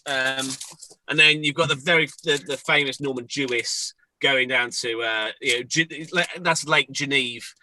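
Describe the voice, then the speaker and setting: A man from Birmingham chatting on a video call, proud and a little halting. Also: mid-range voice, steady tone, bright, forceful tone, slight background noise, rough recording. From Birmingham, England. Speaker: guest panelist. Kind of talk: casual video-call chat.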